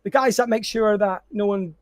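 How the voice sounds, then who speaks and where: High-voiced animated man. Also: normal speed, dry recording, clean studio sound. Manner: animated storyteller, laughs often, many restarts. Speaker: podcast co-host and content creator. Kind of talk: casual chat.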